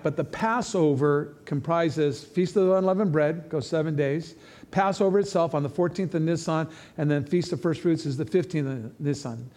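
A male pastor delivers a sermon in a church sanctuary. His voice sits fairly high for a man, and he preaches in a loose, conversational, animated way. He slips in quick acted-out quotes as he goes.

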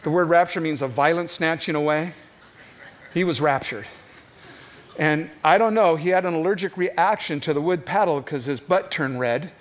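Man, middle-aged, preacher, sermon, animated storytelling, repeated words, fairly high voice. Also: normal speed.

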